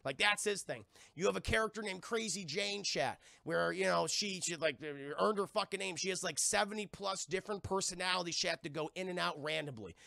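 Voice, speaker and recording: A man's voice: sits high, brisk, vocal fry, hardly any pauses, sharp tone, dry recording, studio quality. A young man reviewing a TV episode on a live stream, rambling and swearing a lot and constantly talking to his chat. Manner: profane, rambling, keeps addressing chat.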